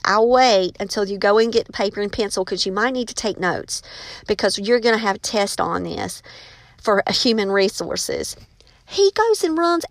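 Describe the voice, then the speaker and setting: A woman's voice: medium pitch, dry recording. A woman who writes children's books and teaches, chatting casually and enthusiastically to her viewers. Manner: enthusiastic, gushing. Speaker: children's book author.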